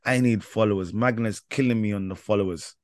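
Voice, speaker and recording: A man's voice: fairly low pitch, a little fast, no echo, clean studio sound. A man co-hosting a podcast in casual chat, tired and joking in a self-mocking way. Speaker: podcast co-host.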